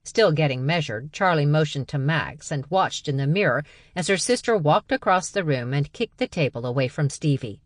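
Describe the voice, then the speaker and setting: Woman audiobook narrator, low voice, measured, dry and close. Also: dry recording. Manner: even, measured storytelling.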